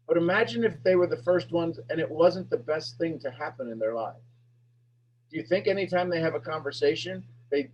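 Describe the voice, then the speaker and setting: A man coaching a sales master class, firing emphatic, repetitive questions at his audience and pushing his voice up toward a shout. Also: on the high side, dull audio, a little hiss or hum. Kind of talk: animated teaching talk to an online audience.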